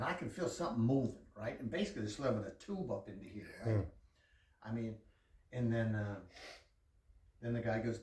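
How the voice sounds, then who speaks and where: A man telling a profane, animated story full of quoted dialogue in a casual chat with a friend. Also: mid-range voice, reverberant, far from the mic, poor audio. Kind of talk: casual anecdote told to a friend.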